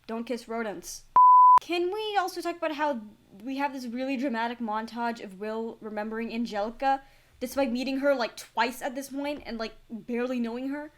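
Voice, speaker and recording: A young woman giving casual, rambling, self-deprecating commentary on a film, recorded on a laptop mic. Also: sits high. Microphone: laptop built-in mic.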